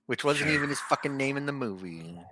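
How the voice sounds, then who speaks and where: A man co-hosting a podcast, throwing in quick jokey remarks. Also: medium pitch, animated, pushed and bright. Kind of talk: casual podcast banter.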